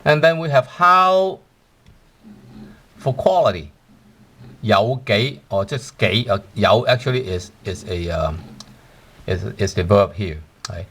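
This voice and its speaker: A man's voice: lowish voice, lively intonation, takes it slowly, pauses often, a bit bright. A man teaching a language lesson, explaining patiently with many fillers and tag questions.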